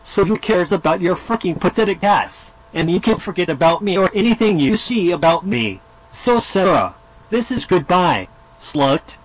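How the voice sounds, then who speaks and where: Tts guy voice as a high, spiteful cartoon boyfriend. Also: lively intonation, moderate pace, poor audio.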